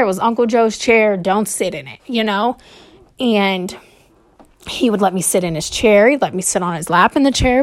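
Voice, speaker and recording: Nervous, hesitant woman telling her story. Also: mid-range voice. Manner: hesitant, with frequent pauses and fillers. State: nervous and short of breath. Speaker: podcast host. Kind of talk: personal storytelling monologue.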